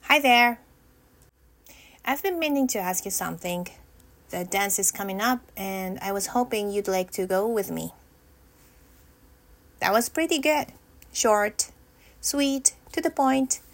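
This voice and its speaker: A woman acts out a nervous teenage schoolgirl in a scripted monologue. She talks to herself slowly and haltingly and keeps stopping to rehearse. Her voice sits fairly high. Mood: hopeful. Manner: hesitant and self-talking, stopping to rehearse lines.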